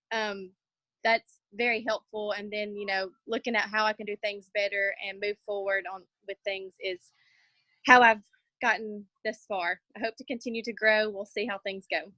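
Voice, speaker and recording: A woman coach and executive director, speaking modestly and reflectively with many pauses. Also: mid-range voice, fairly even intonation, sharp tone, no echo, low-quality recording. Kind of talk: casual team call talk.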